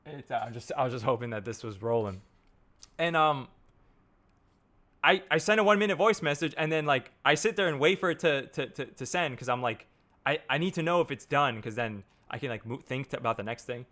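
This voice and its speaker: A man's voice: mid-range voice, fairly quick, pushed and bright. A man in marketing ranting casually to camera, rambling and restarting his sentences with a lot of swearing. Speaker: marketer reviewing software. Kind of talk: casual unscripted rant to camera.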